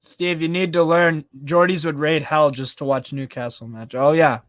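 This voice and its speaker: A man hosting a casual live football stream. He reads out viewer comments in a chatty, excitable way, swears casually and laughs often. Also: on the high side, moderate pace, no room sound, studio quality. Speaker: live stream host reading fan chat.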